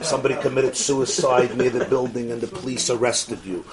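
A man giving an animated storytelling sermon, acting out the dialogue and often laughing. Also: mid-range voice, brisk, crowd noise. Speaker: rabbi lecturing.

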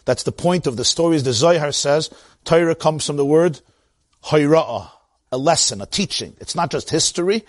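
A man with a Brooklyn accent giving an animated Torah lecture, acting out the voices in the stories he tells. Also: fairly high pitch, moderate pace, no room sound, studio quality. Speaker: teacher of Torah.

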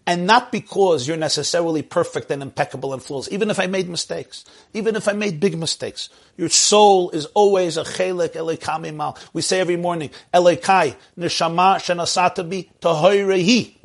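A man's voice: on the high side, a little fast, vocal fry, hardly any pauses. A man teaching a sermon-style lecture as a rabbi, impassioned and building through repeated phrases.

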